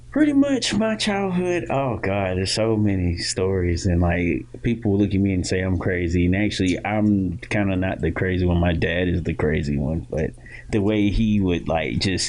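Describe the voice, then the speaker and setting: A man's voice: sits low, measured pace. A young man from Florida, co-hosting a podcast and telling a childhood story in casual chat, full of fillers and restarts. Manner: animated, loud impressions of others in quoted lines. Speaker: podcast co-host.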